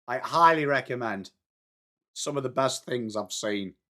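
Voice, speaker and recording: Animated and forceful, this young man from England hosts a live football watchalong in a mid-range, bright voice. He keeps a measured pace and stays chatty, alternating between calling the play and replying to his chat.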